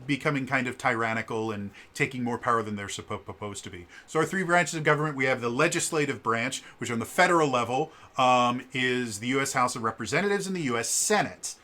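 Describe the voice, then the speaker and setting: A man's voice: mid-range voice, quick pace, hardly any pauses, sharp tone. A man vlogging in a casual explainer style, chatty and stumbling over words with lots of restarts.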